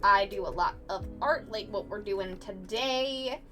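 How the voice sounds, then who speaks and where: An American woman, a young adult, streaming as a digital artist and chatting casually with viewers, playful and quick to laugh, often restarting her sentences. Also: mid-range voice, bright, forceful tone, soft background music. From United States.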